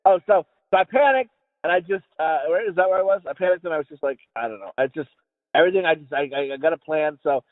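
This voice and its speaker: Guy with a highish voice rambling through a funny story, cusses a lot, dry tinny phone-ish sound. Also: fast talker, no room sound. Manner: rambling, profane, many restarts. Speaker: podcast co-host. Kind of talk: casual comedic storytelling.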